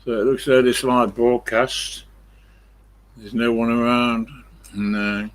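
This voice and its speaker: An older man, rambling through a story on his live stream, full of pauses and fillers. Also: mid-range voice, flat delivery.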